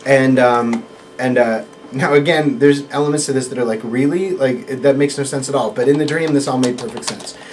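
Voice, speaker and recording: A man's voice: medium pitch, a little fast, slight background noise. A man telling a long story in casual chat, acting out the voices of the people in it. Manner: lively, acts out quoted voices. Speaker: guest actor telling a story.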